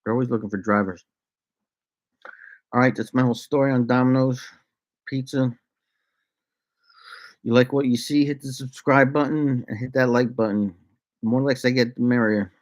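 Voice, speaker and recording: A man's voice: mid-range voice, fairly even intonation, normal speed, pauses often. A man in a middle register tells a loose, rambling story straight to his viewers, as a vlogger does. He keeps it laid-back, laughs along the way and breaks into playful made-up sing-song lines. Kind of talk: casual storytelling to camera.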